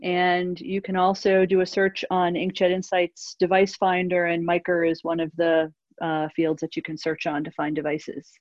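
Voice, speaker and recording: A woman's voice: fairly low pitch, monotone, moderate pace, dry recording. A woman answering audience questions in a webinar, hesitant, with many fillers and restarts. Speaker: industry analyst answering questions. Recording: dull lo-fi webinar audio.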